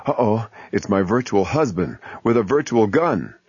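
A man's voice: lowish voice, very animated, moderate pace, darkish tone, husky, no echo. A man voicing a flirty woman in a virtual park, in a coy, playful put-on voice. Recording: muffled lo-fi recording.

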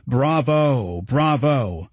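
An excitable, boyish male patient, pitched well above the reader's own voice and bursting with eager shouts, as a man voices him. He cheers with childlike wonder. The tone stays husky and close, with a dry sound. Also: extremely slow, no room sound. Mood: cheering.

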